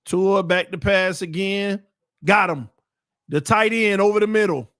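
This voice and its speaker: A man calls a football game play by play for his fan show's watch party. His voice sits a little high, and the sound is dry and close. He gets excitable and talks straight to the players as the plays unfold. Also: measured pace, dry recording. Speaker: fan show host.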